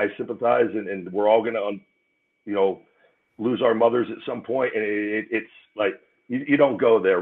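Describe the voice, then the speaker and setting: Male interview guest, low voice, blunt and profane, repeats himself, phone-quality audio. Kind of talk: heated live interview. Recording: tinny phone-line call audio.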